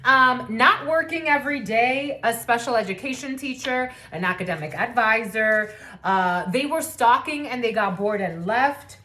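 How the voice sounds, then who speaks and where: A woman's voice: fairly high pitch, moderate pace, sharp tone. Blunt, cussing woman giving a reading. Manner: blunt and profane, laughing asides. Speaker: spiritual reader. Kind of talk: casual channeled reading.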